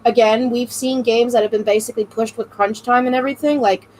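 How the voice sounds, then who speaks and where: A woman with a fairly high voice co-hosts a casual online chat show. She speaks bluntly and jokes, over a video call with a faint hiss behind her. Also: fairly even intonation, a little fast, darkish tone, poor audio. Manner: blunt, joking, reads donations aloud. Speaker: co-host.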